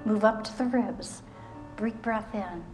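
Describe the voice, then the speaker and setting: A woman fitness instructor leading a seated exercise routine on a live stage show. She gives short, calm, step-by-step cues and keeps encouraging the audience. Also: mid-range voice, measured pace. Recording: music playing under the voice. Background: background music.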